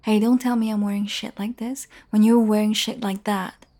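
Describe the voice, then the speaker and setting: A woman's voice: medium pitch, little pitch movement, moderate pace, dark tone. A young woman in a casual audio role-play, talking straight to the listener, teasing and swearing freely and often dropping into a whisper.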